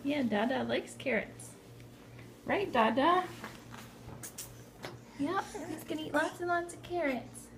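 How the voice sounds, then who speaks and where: A woman's voice: sits high, normal speed, gravelly, hardly any pauses, background noise. A young woman at home feeding her baby, chatting to him in a playful, sing-song way on a home video. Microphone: camera filming nearby.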